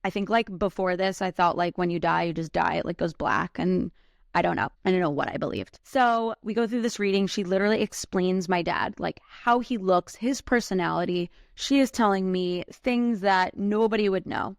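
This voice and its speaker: A woman in her thirties telling a personal story on her podcast, her voice sitting a little low. She talks loosely, with lots of "like" and the odd swear word. The sound is dry and close, with no room echo. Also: normal speed, vocal fry. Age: 30s. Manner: casual, heavy use of "like", swears freely. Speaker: podcast host.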